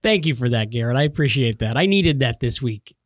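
A man's voice: medium pitch, animated, a little fast. A man co-hosting a casual podcast chat, joking and acting out stories. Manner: joking storyteller, acts out customers in put-on voices. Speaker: podcast co-host.

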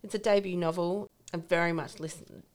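A woman's voice: on the low side, fairly even intonation, brisk. A woman co-hosting a podcast, chatting casually about books she has read and laughing often. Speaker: podcast co-host. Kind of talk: casual book chat.

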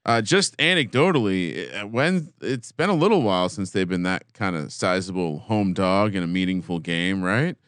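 A man's voice: low-pitched, big pitch swings, moderate pace, few pauses, fairly bright tone, clean tone, no room sound, clean studio sound. A man hosting a casual sports betting chat, teasing his co-host as he reads the lines.

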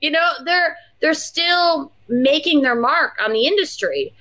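A woman's voice: high-pitched, expressive, a little slow, pushed and bright, no room sound, poor audio. A woman guest on a podcast, reflecting in casual interview chat with frequent restarts and fillers. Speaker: podcast guest, pro wrestler.

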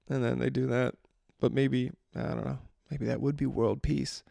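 A man's voice: medium pitch, little pitch movement, moderate pace, gravelly, hardly any pauses, warm tone, no room sound, studio quality. A man hosting a solo podcast, rambling casually with profanity and frequent self-interruptions. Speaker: podcast host.

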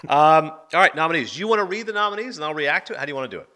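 A man hosts a movie podcast at a brisk clip, rattling through anecdotes with energy. His voice is bright and forward, and his delivery is loose and conversational. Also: fairly high pitch, lively intonation. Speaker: podcast host. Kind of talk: casual movie podcast chat.

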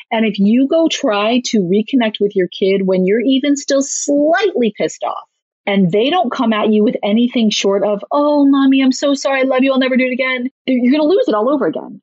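A woman parenting author and clinical social worker giving casual advice in an interview, animated and slipping into quick acted-out lines of parents and kids. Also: medium pitch, slightly rough, no echo, highs cut off.

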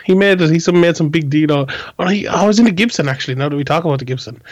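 A man's voice: on the high side, racing, dry recording. A man co-hosting a podcast, talking bluntly and rambling, swearing freely. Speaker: podcast co-host. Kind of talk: casual podcast chat.

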